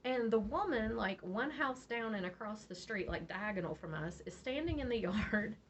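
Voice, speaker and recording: A woman's voice: medium pitch, moderate pace. A woman from Virginia, telling a story casually as a vlog host and laughing often. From West Virginia. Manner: animated, laughs often, acts out quotes. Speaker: beading channel host. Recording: slightly dull audio, faint noise.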